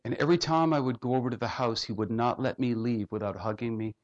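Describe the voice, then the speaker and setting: A man preaching a sermon, telling a personal story in a heartfelt way and going soft and quiet when he quotes others. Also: mid-range voice, fast, dull audio. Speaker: pastor.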